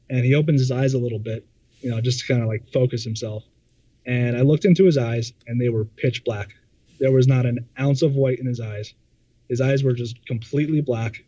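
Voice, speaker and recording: A man recounting a personal story in a relaxed, meandering way, stumbling over and repeating his words. His voice is mellow and soft-edged, with a dry, close sound. The recording is somewhat dull and lo-fi. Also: medium pitch, dry recording. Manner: halting, stammers and repeats words, many fillers. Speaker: podcast guest.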